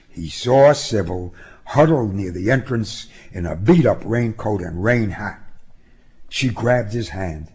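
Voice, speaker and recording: A man narrating a story in a measured, expressive way. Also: on the low side, breathy edge, dull audio. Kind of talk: audiobook narration.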